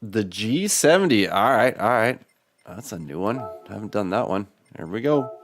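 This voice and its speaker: A man's voice: lowish voice, lively intonation, normal speed. A man streaming a racing game, chatting with viewers and apologizing to other drivers as he races. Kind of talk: live gameplay commentary. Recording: loud car engine noise behind. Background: racing game engine sounds.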